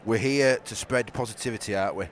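A man's voice: on the low side, fast talker. A man co-hosting a football podcast, cheeky and giggly, teasing his co-host from a stadium press box. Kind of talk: casual football podcast chat.

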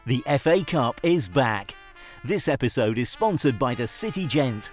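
A man's voice: medium pitch, lively intonation, normal speed, soft background music. A man reading a scripted podcast intro with a sponsor message.

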